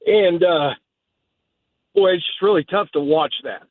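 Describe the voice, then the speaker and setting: A middle-aged man from Texas calling in to a radio show, emotional, earnest and halting. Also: on the high side, no echo. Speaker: caller. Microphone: phone line. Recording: tinny phone line.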